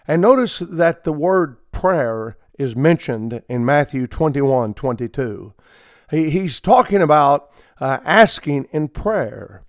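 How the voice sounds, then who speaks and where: Male radio preacher, higher voice, emphatic rising delivery, scripture reading, dry studio sound. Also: expressive, slow, no room sound. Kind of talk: radio devotional sermon.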